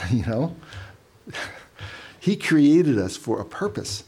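A man's voice: mid-range voice, very animated, slow pace, a little mellow, breathy edge. A man giving a casual, conversational sermon, telling stories with asides and repeating words as he goes. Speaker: preacher.

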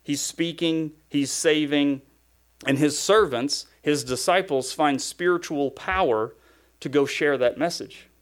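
A pastor delivering a sermon in a somewhat high voice for a man. He talks conversationally, but he keeps hammering his points with short repeated phrases. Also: unhurried.

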